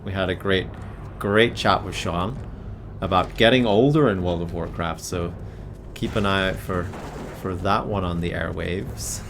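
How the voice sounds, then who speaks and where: A man's voice: deep voice, a little slow, creaky, background noise. A man hosting a live game stream, chatting casually and joking around with his co-player. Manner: playful and joking. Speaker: podcast host. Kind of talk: casual gaming stream chat.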